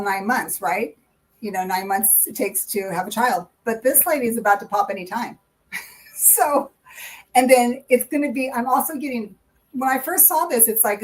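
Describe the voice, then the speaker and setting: A woman's voice: a little high, low-quality recording. A woman giving a live tarot reading in casual, rambling chat, laughing often. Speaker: tarot reader and co-host.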